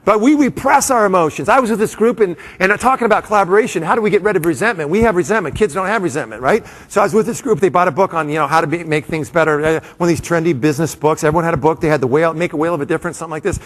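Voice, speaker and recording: A man giving a live, comedic motivational talk to an audience, animated and full of quick asides to the crowd. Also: on the high side. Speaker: motivational speaker. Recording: long hall reverb.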